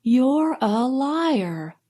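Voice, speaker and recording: A woman's voice: sits high, very animated, very slow, mellow, full character voice. A woman reading an audiobook, voicing a proud young female singer who bursts out in fury. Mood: scornful. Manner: fierce outbursts.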